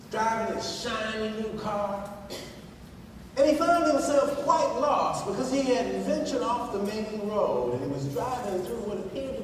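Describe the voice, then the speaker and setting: High-voiced minister in an echoing hall. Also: male voice. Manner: storytelling, drops low and soft for emphasis. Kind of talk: sermon. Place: large church hall. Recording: distant echoey hall with noise.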